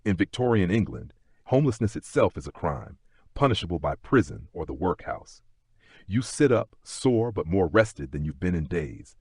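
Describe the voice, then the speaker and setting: Male sleep-story narrator, deep and husky, dry booth sound. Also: big pitch swings, dry recording. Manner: slow, gentle, second-person telling.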